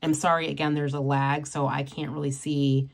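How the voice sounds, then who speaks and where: A woman's voice: low voice, flat delivery, moderate pace, vocal fry. A woman hosting a casual livestream, chatty and rambling with many fillers. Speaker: nail polish livestream host.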